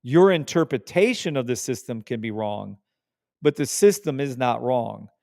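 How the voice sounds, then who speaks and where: With a mellow, mid-range voice, vocal fry and a moderate pace, this man runs a live trading stream, heard in clean, echo-free studio sound. His expressive delivery is laid-back yet forceful, with repeated words for emphasis and swearing when he's riled.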